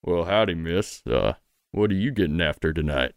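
A big male toad with a low, folksy drawl, leering and pushy and never minding his own business, as a man puts him on. The voice is close and dry, as if spoken right into the mic in a small, dead room, for a tabletop game played out loud. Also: animated, moderate pace, clear, resonant tone, no echo.

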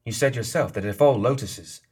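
A man voicing an impatient, skeptical young woman leader in an audiobook, close to his own low voice. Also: brisk, a little mellow, husky, natural voice.

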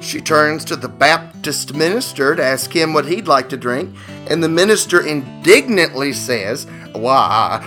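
A man co-hosting a comedy podcast, trading jokes in playful, drawn-out casual banter. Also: on the high side, animated, bright, forceful tone, faint music behind. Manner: playful, jokey, slow and drawn out. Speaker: podcast co-host. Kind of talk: casual joke-telling banter.

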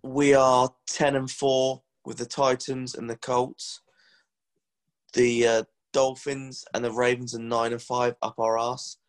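A man's voice: medium pitch, flat delivery, takes it slowly. A man co-hosting a sports podcast, talking bluntly and earnestly. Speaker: podcast co-host. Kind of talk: casual sports podcast chat.

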